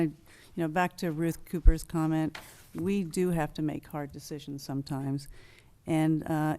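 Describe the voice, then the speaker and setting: A woman with a low voice gives a statement at a council meeting. She speaks in a measured, deliberate and earnest way. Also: a little mellow. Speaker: city council member.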